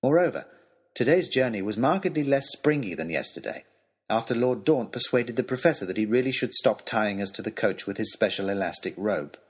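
A man's voice: fairly low pitch, expressive, fairly quick, husky. A man narrating a humorous storybook letter with dry, wry delivery. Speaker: audiobook narrator.

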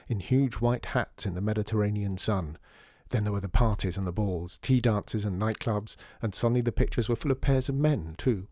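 A man narrating a children's storybook in a calm, measured way, recorded on a close studio mic. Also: fairly low pitch, no room sound.

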